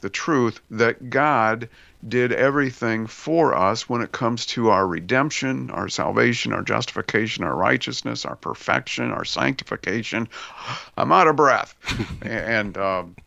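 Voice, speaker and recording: A man's voice: medium pitch, vocal fry, pushed and bright, no room sound. A man co-hosting a podcast, discussing faith in a reflective, searching way and repeating words as he thinks aloud. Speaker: podcast co-host. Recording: dull lo-fi dry sound.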